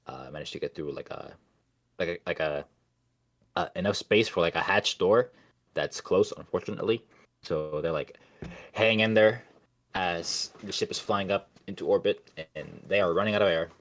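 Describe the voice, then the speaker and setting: Young male co-host, low voice, stop-start casual recap, swears offhand. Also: fairly bright tone. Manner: halting, many restarts and fillers, casual swearing. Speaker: podcast co-host. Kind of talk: casual movie recap chat.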